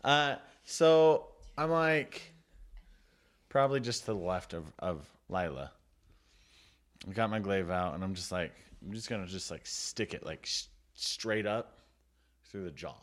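A man's voice: low-pitched, lively intonation, moderate pace, fairly bright tone. A man playing a tabletop game, laid-back and chatty, describing his moves with lots of filler words. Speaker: player. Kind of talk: casual tabletop play.

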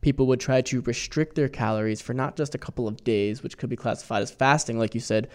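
A man's voice: mid-range voice, fast talker, darkish tone. A man co-hosting a health podcast as a doctor, talking in an engaged, chatty way and often chiming in with agreement. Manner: engaged, frequent agreeing interjections.

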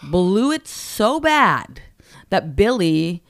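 A woman in her forties, a stand-up comedian, telling animated stories with frequent laughs in a casual podcast chat. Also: medium pitch, dry recording, clean studio sound. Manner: animated, laughs often, quick asides. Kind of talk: casual anecdote storytelling.

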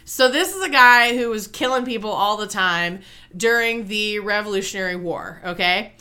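Chatty bright-voiced woman retelling a film. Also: medium pitch, moderate pace. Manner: animated retelling, peppered with "like" and "okay?". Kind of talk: casual chat.

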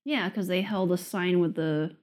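A woman's voice: fairly low pitch, steady tone, normal speed. A woman co-hosting a podcast, answering in brief, dry remarks in casual chat. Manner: brief, dry replies and quiet laughs. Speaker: podcast co-host.

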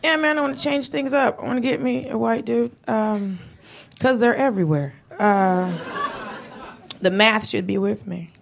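Woman, stand-up comic, gravelly voice, wry delivery, noisy live recording. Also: fairly high pitch, moderate pace.

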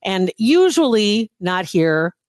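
A woman's voice: medium pitch, sing-song, takes it slowly, a little mellow, no room sound. A woman chatting casually and telling a story, wry and exasperated, laughing often between lines. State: recovering from knee surgery. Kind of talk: casual chat.

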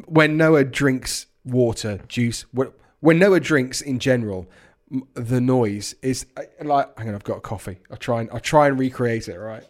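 A man co-hosting a podcast in casual chat, animated and stammering through restarts. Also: mid-range voice, moderate pace. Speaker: podcast co-host.

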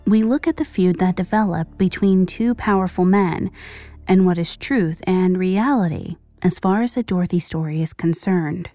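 Woman narrating a true-crime story, dark tone. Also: on the low side, faint music behind. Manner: measured, dramatic pauses. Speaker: podcast narrator.

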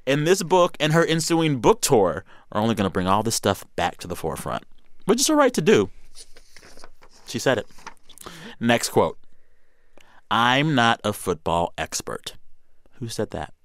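A man hosting a podcast, chatting through the week's news in a playful, animated way and laughing easily. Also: medium pitch, measured pace, long pauses, dry recording. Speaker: podcast host. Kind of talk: casual news roundup chat.

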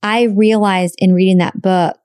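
A woman's voice: medium pitch, steady tone, moderate pace, darkish tone, clear, resonant tone, dry recording, studio quality. A woman co-hosting a podcast, telling a personal story openly and emotionally, swearing casually. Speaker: podcast co-host.

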